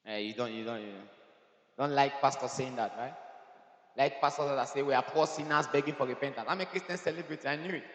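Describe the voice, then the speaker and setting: A male pastor preaching a sermon, shifting from soft teasing asides to emphatic shouting. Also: medium pitch, quick pace. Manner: teasing the congregation. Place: church hall. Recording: echoey hall reverb.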